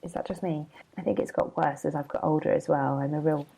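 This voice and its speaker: A woman in her thirties talks through a relaxed solo podcast in a low, mellow voice with a gravelly edge. She is candid and chatty, laughs easily and drifts into asides. She sounds a bit hungover. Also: quick pace, low-quality recording. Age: 30s. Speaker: podcast host and blogger. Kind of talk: casual solo podcast monologue.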